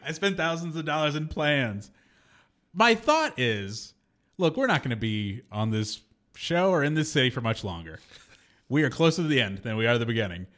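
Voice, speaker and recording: A man's voice: mid-range voice, sing-song, normal speed, a bit bright. A man co-hosting a radio show, rambling and laughing through casual chat with many fillers. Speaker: co-host.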